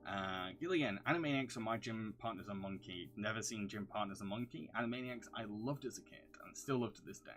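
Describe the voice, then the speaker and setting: Chatty low-voiced young man from northern England. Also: brisk, few pauses, a bit bright, soft background music. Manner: chatty, rambling, hums filler syllables between questions. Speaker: YouTube reviewer answering viewer questions. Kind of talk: casual livestream Q&A.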